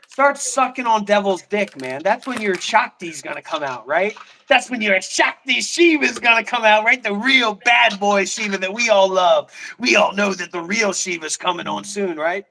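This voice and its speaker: A man's voice: high-pitched, lively intonation, normal speed, vocal fry, pushed and bright, slight background noise. A man in casual livestream banter, mocking and taunting with a lot of swearing.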